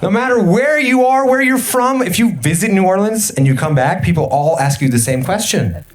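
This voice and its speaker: A young man doing an energetic, absurd stand-up set in a comedy club, slipping into put-on voices for the people he quotes. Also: high-pitched, normal speed. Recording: live club set with a laughing crowd.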